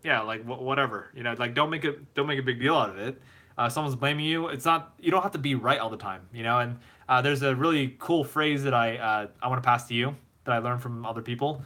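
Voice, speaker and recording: A man's voice: mid-range voice, fast talker, pushed and bright. A man hosting a live stream Q&A, giving casual advice and reading chat messages aloud, rambling with fillers and repeated words. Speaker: host.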